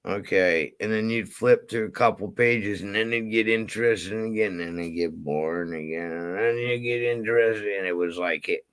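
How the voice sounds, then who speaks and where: A man's voice: fairly low pitch, moderate pace, hardly any pauses, a bit bright, clean tone. A man ranting and telling stories in casual chat, profane and rambling, heated at times. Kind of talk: casual storytelling rant.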